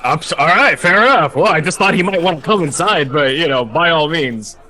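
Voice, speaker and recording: A man's voice: a little high, animated, brisk, sharp tone. A man playing a character in a tabletop game, hesitant and questioning. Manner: hesitant, questioning, laughing often. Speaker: player.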